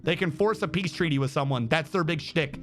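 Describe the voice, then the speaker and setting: A male streamer giving rambling, excitable gameplay commentary with lots of fillers. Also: fairly high pitch, fairly quick, faint music behind.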